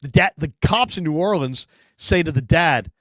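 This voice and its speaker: A man hosting a sports talk show in casual chat, telling stories with lively acted-out quotes. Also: on the high side, moderate pace, dry recording, clean studio sound. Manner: animated storyteller, acts out quotes.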